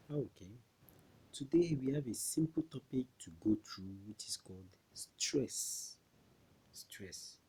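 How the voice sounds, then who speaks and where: With a Nigerian accent, a man teaches young pupils an English lesson, chatting freely and repeating questions to check they understand. His voice sits fairly low, warm and husky.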